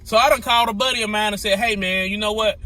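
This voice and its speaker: Bright, animated trucker telling a story. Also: male voice, high voice, fast. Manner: animated, repetitive, exclamatory. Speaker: owner-operator truck driver. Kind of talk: casual storytelling vlog.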